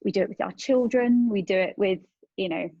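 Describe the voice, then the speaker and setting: Gravelly, husky woman host, dull audio. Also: mid-range voice, warm tone, no room sound. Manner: halting, thoughtful, restarts often. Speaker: podcast host. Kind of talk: conversational interview.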